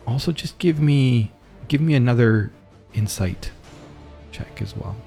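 A man narrating as game master of a tabletop game, relaxed and rambling, talking into a home mic on a voice call. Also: mid-range voice, measured pace, gravelly, faint music behind.

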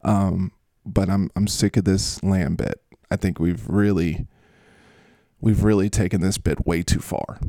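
A man's voice: low-pitched, steady tone, unhurried, mellow, no room sound. A man hosting a casual comedy podcast, rambling and poking fun at his own bits. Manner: rambling and self-mocking. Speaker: podcast host.

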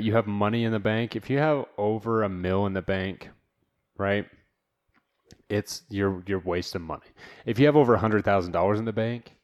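A man hosting a casual solo podcast from a home studio, rambling in a relaxed, slangy way. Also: fairly low pitch. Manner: laid-back, slangy, rambling with fillers. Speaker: podcast host.

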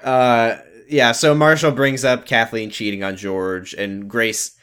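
A man's voice: mid-range voice, steady tone, slow pace, fairly bright tone, clear, resonant tone. A man co-hosting a casual podcast, recapping a TV episode with sarcasm and exasperation. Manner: sarcastic, exasperated, swears freely. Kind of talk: casual chat.

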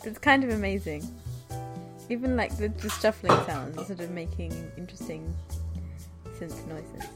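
A woman's voice: fairly low pitch, moderate pace, over loud music. A woman chatting playfully on a voice call, now and then breaking into improvised song. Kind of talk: casual chat on a voice call. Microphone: video or voice call.

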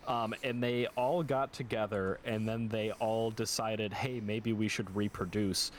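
A man's voice: fairly low pitch, steady tone, unhurried, a little hiss or hum. A man co-hosting a podcast in casual chat, loose and profane, full of fillers. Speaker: podcast co-host.

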